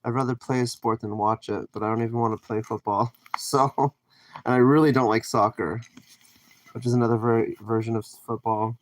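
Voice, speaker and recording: A man from Canada livestreams from his home kitchen, cooking while he reads comments aloud and rambles casually in reply. His medium-pitched voice is fairly even, at normal speed, with no echo.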